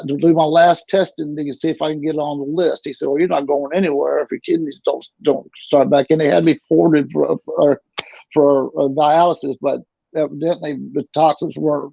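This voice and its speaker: A middle-aged man tells a long personal story as an interview guest. His voice is gravelly and sits fairly high, and he keeps restarting and repeating himself. The recording sounds dull and lo-fi. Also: dry recording. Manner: rambling, with frequent restarts and repeats. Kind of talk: casual storytelling.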